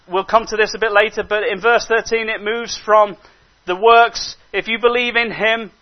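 A high-voiced male preacher delivering a sermon, his voice dropping to hushed asides and then rising into emphatic exhortation. The recording is dull and lo-fi. His delivery stays animated throughout. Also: normal speed, hardly any pauses.

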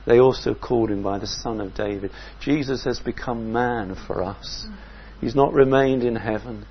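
A man preaching a sermon in a measured, reflective way, often asking his listeners questions. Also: medium pitch, lo-fi sound, slight background noise.

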